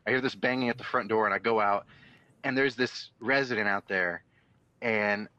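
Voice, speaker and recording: A man tells animated, profane stories in a casual podcast chat. His voice is bright and forceful. The recording is dry and a little dull. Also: lowish voice, normal speed, no room sound.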